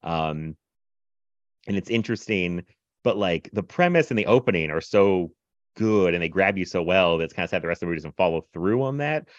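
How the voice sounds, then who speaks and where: Man, lowish voice, chatty film-review rambling, dry dull-sounding recording. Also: a little fast, no room sound. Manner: animated, filler-heavy retelling with laughs and mimicry. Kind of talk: casual film review chat.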